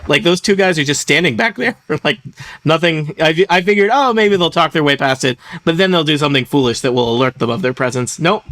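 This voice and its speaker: Playful game master, fairly high voice. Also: male voice, brisk, fairly bright tone, no room sound. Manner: playful, joking, laughs often. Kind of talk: narrating a tabletop game.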